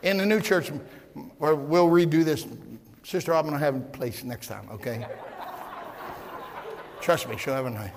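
A man preaching a sermon as pastor, shouting at times and repeating words as he builds. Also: on the high side, moderate pace, long pauses, in a large hall, background noise. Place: church.

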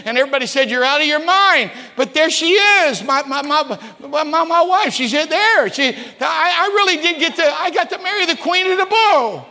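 High-voiced older preacher building to shouts. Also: male voice, expressive, normal speed, hardly any pauses. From West Virginia. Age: 60s. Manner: storytelling preacher, stammers and repeats words, builds to shouts. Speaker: pastor. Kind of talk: sermon. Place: church. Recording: reverberant church hall.

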